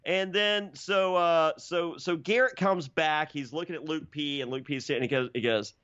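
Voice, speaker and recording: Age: adult. Sex: man. Role: podcast host. Style: animated, swear-heavy casual recap. Sound: somewhat high voice, slightly muffled lo-fi audio. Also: moderate pace, clean tone. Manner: animated, profane storytelling with frequent fillers.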